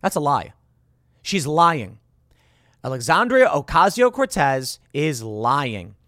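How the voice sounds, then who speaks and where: A man's voice: a little high, big pitch swings, slow, a bit bright, no room sound, clean studio sound. A man from Chicago hosting a political commentary show, reacting to news clips with sarcastic, indignant remarks.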